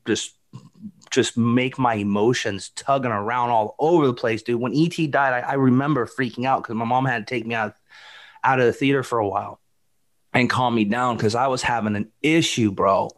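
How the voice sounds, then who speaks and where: A man in his forties co-hosting a casual chat, telling stories with lots of restarts and calling his friend dude and bro. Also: medium pitch. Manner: rambling, animated storytelling with frequent restarts, calls people dude and bro. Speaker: podcast co-host.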